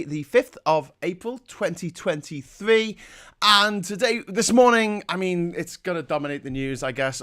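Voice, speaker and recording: A male morning-show host talks through his commentary in a loose, teasing way. His voice sits high for a man, and laughter keeps breaking through his sentences. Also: a bit bright. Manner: chatty and mocking, often breaking into laughter. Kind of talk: casual satirical commentary.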